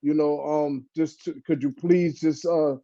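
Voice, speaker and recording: This man is a podcast co-host who speaks casually and stumbles through his fillers. His voice is fairly high but dark in tone, and it comes through a dull lo-fi recording. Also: fairly even intonation, unhurried. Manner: hesitant, full of "you know, um". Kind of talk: casual chat.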